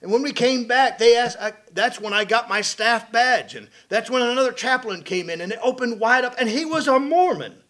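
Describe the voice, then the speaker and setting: Man, high voice, preacher, folksy animated sermon, middle-aged. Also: moderate pace, hardly any pauses. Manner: folksy, animated preaching with rising and falling volume.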